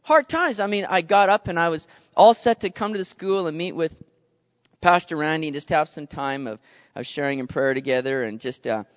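A man preaching a sermon in an animated way, acting out the voices he quotes. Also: a little high, brisk. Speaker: pastor. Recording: dull lo-fi sound with long reverb.

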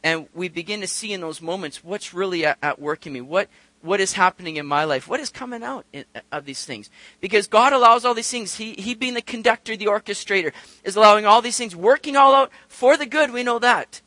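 A man's voice: sits high, fairly quick, pushed and bright, no echo. A male pastor preaching a sermon in a conversational way, telling a personal story and asking rhetorical questions.

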